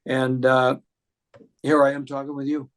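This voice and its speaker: A man's voice: medium pitch, completely flat delivery, unhurried, a bit bright. A man, a singer and impressionist, telling stories in a casual interview with many fillers and restarts.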